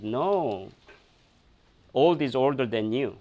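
A man's voice: mid-range voice, lively intonation, takes it slowly, darkish tone, muffled recording. A man preaching a sermon, telling a personal story with many fillers, restarts and laughs. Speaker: pastor.

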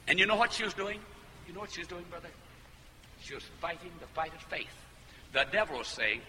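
A man's voice: a little high, animated, a little fast, long pauses, sharp tone. A man preaching a fervent sermon that builds to emphatic peaks. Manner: fervent, rising to emphatic climaxes. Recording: hall reverb with faint noise.

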